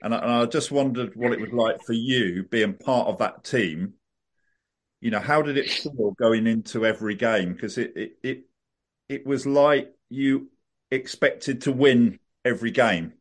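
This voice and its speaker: A podcast host asking a guest questions in a polite, slightly halting way. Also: male voice, medium pitch. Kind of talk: casual interview.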